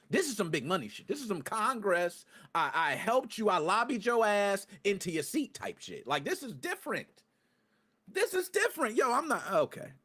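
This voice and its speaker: A young man hosts a podcast and rants to his live chat in slangy, profane talk. His high voice leaps up to near-shouts and then drops to low mutters. His delivery is lively and keeps swinging in pitch and force. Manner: animated, swings from loud outbursts to low muttered asides. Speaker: podcast host. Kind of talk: casual ranting commentary to a live chat.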